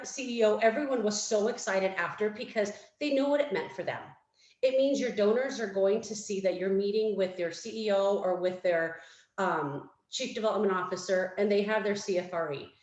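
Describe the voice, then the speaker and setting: A woman on a fundraising panel, telling her story in a candid, animated way and acting out what others said. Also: mid-range voice, reverberant, highs cut off. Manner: animated, candid, acts out quotes. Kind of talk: panel talk, casual storytelling.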